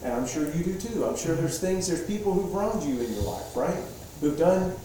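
A man gives a relaxed, conversational sermon and keeps asking the congregation questions. His voice is dark and a touch high for a man. It is picked up from a distance in a very echoey church hall, with faint room noise. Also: normal speed. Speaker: pastor.

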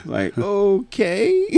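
Profane, animated man telling stories. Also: very slow, gravelly, over a noisy crowd. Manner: animated storyteller, profane, laughs often, high excited voice for quoted coworker. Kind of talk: casual chat.

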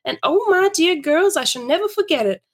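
Woman reading high, prim Victorian girl, breathless confiding storyteller. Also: expressive, a little fast. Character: prim Victorian young woman telling a secret.

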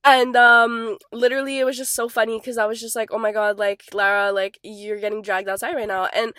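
A young woman co-hosting a podcast, telling a wild story in an animated, laughing, swearing way. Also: fairly high pitch, brisk, dry recording, clean studio sound. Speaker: podcast co-host. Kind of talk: casual chat.

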